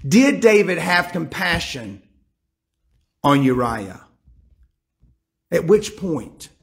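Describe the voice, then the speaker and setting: A man preaches with a high, gravelly voice. His delivery is emphatic, and he leans on rhetorical questions to press each point. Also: big pitch swings, slow. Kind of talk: sermon.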